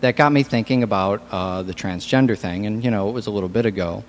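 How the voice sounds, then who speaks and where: A podcast host chatting casually, joking and swearing, in a put-on radio voice. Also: male voice, fairly low pitch, quick pace.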